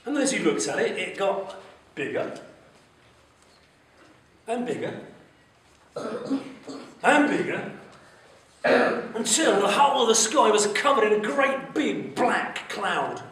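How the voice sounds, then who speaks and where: A man tells a Bible story to schoolchildren in an animated, question-asking way. His voice sits high for a man. He is heard from a distance in a strongly echoing school hall, with a faint noise underneath. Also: slow pace, pauses often. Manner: animated, asks the children questions.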